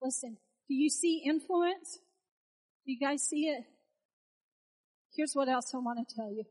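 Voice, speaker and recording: A woman preaches with a notably high voice, moving between storytelling and urgent exhortation. Her delivery is animated and emphatic, leaning hard on repeated phrases. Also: measured pace, low-quality recording. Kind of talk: sermon.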